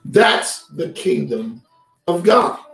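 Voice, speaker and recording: A man's voice: fairly high pitch, sing-song, slow pace, vocal fry, a bit bright. A man preaching a streamed sermon as pastor, talking with his congregation and calling for responses. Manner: conversational preaching, calls for response. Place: church sanctuary. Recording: roomy, from a distance, music faint behind.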